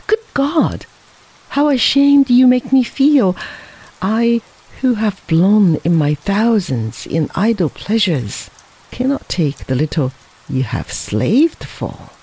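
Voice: medium pitch, big pitch swings, slow, dark tone, husky, exaggerated voice, poor audio. A narrator voicing a strong, proud man on the run, talking firmly. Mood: earnest.

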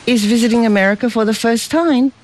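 A man's voice: extremely high pitch, fast talker, pitched above the performer's own voice, low-quality recording. A man reading the part of a male customs officer in an audiobook story, in a firm, official, matter-of-fact tone.

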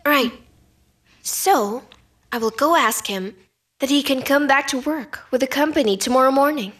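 A self-assured schemer in a dubbed drama, smug and calculating as she lays out a plan. Her voice sits high. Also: normal speed, a bit bright. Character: scheming, self-assured woman plotting behind others. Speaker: dub actor.

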